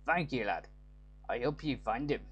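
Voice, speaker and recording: Game read: a harsh old dwarf with a put-on brogue, voiced by a man, stern and gruff. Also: mid-range voice, moderate pace, dull audio, lightly acted. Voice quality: mock Celtic brogue. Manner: stern, scolding, then pleading.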